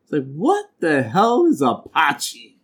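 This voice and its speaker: A man's voice: fairly high pitch, slow pace, husky. A man teaching an informal bible class, telling stories from his working life and acting out the voices of the people in them. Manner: animated, acts out quoted voices, streetwise New York slang.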